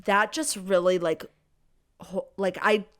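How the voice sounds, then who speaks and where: In a relaxed book chat on a podcast, a young female co-host keeps dropping "like" and "literally" as she discusses a novel. She speaks at a slow, steady pace with a mid-range, slightly bright voice, while soft music plays in the background.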